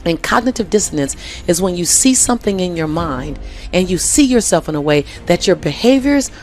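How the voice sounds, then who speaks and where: A woman's voice: lowish voice, expressive, fairly quick, a little mellow, faint music behind. A woman guest in a conversational interview, speaking emphatically and repeating key phrases for effect.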